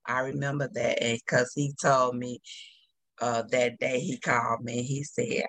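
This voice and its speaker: A middle-aged grieving father with a gravelly, fried voice and a sharp, bright edge. He talks haltingly, restarting his sentences and letting words trail off. The sound is close and dry. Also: mid-range voice, dry recording. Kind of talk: emotional conversation.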